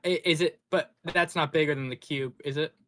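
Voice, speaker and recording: A man's voice: on the high side, steady tone, fairly quick, bright, forceful tone, a little hiss or hum. A man playing a tabletop game, hesitant and full of questions. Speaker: player. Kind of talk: casual tabletop chat.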